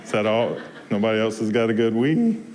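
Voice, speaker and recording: A low-pitched man from Georgia in the US, a minister sharing a story with the children during a service. He talks gently and encouragingly, reading aloud and asking the kids to answer back. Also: a little fast. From Georgia, USA. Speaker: guest minister.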